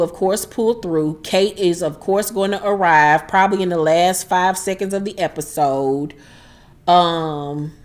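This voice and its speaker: Woman, recap host, casual chat, animated, fairly low pitch. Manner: animated retelling, acting out the characters' lines with profanity.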